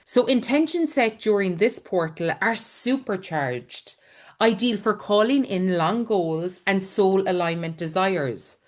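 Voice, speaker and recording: A middle-aged woman leads a spiritual teaching session on a live call. She speaks in an earnest, encouraging way and draws on her own life. Her voice sits at an ordinary pitch for a woman. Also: darkish tone. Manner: earnest, encouraging, personal storytelling. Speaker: spiritual coach and healer.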